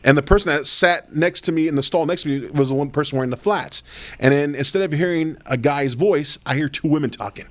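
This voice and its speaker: A man's voice: a little high, brisk. A man telling long, loose stories in a casual podcast chat, rambling and swearing, full of fillers. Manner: rambling, profane, full of fillers and "you know".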